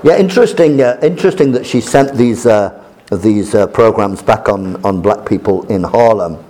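A man teaching a class as their examiner, lecturing in a halting way with many fillers and restarts. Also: fairly low pitch, dark tone.

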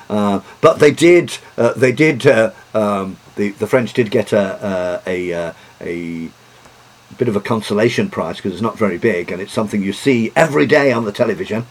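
Halting, husky-voiced male history lecturer. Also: fairly low pitch. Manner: halting, many fillers and restarts.

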